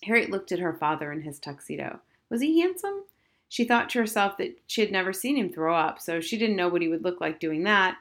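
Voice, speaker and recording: A woman reads a children's novel aloud in steady scripted narration. Her voice sits a little low for a woman. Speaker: audiobook narrator.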